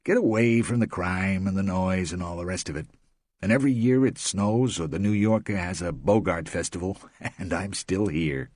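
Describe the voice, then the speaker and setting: Wry, talkative man at a party, read by a male narrator, husky. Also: low-pitched, normal speed, a little mellow, no room sound, studio quality, voice pushed up. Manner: wry, chatty.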